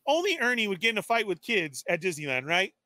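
A man with a high, bright voice tells a story with excitable energy. He is plainly exasperated and acts out the lines he quotes. The sound is dry and close. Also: fast talker, dry recording. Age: adult. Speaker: toy podcast co-host. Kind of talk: animated storytelling on a live stream.

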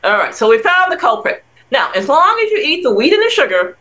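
A woman's voice: a little high, big pitch swings, fast, a bit bright, rough recording. An older woman doctor giving blunt, emphatic health advice on a talk show, repeating words for emphasis. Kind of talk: casual radio talk advice.

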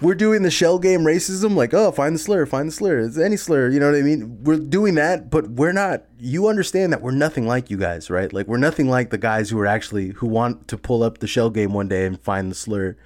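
A man's voice: mid-range voice, a little fast, hardly any pauses. A man co-hosting a podcast in casual chat, telling stories with lots of laughter and acting out the people he quotes. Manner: animated storytelling, laughs often, acts out quotes. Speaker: podcast co-host.

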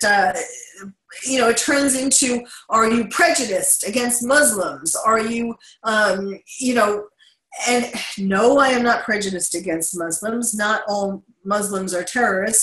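A woman's voice: a little high, a bit bright, echoey room, rough recording. A middle-aged woman with a New York accent hosting a talk show, speaking earnestly with many fillers and restarts. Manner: earnest, with frequent fillers and restarts, occasional laughs. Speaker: host.

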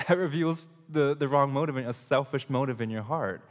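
A man's voice: mid-range voice, moderate pace. A man in his thirties preaching a conversational, emphatic sermon, often restarting his phrases as he works through his point. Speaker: pastor. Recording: long hall reverb.

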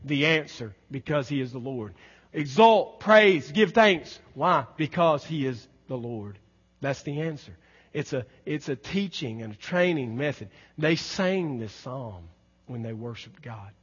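A man preaching a sermon as pastor, emphatic, swinging between loud exclamations and quiet low lines. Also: expressive, measured pace, breathy edge. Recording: dull sound with long hall reverb.

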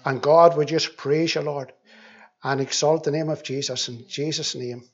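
A man reading scripture, praying and giving his testimony at a church meeting, speaking deliberately and often repeating words as he prays. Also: a little high, steady tone, lo-fi sound. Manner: slow and deliberate, with frequent repeated words in prayer. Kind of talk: Bible reading, prayer and testimony.

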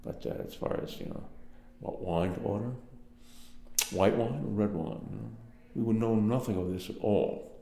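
In this oral history interview, an older man from Brooklyn, New York, tells meandering stories in his Brooklyn accent, full of fillers. His voice is fairly low with vocal fry and a dark tone at normal speed, captured in a reverberant space.

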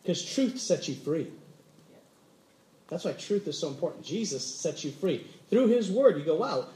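A male pastor preaching a sermon, telling stories and acting out everyday conversations in a lively way. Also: a little high, normal speed. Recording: roomy echo.

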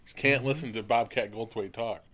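A man's voice: medium pitch, a little fast, fairly bright tone. A man co-hosting a podcast, giving opinions in rambling casual chat. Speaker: podcast co-host.

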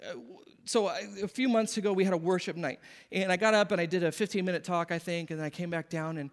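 A man's voice: sits high, fairly even intonation, fast, big-room sound. A man in his thirties, a pastor, giving an earnest, conversational sermon in a church. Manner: earnest, conversational preaching with quoted asides. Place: church sanctuary.

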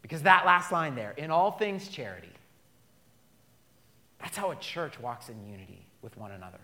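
A man preaching a sermon as pastor, drawing call-and-response from the congregation and swinging between emphatic and quiet delivery. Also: a little high, lively intonation, moderate pace.

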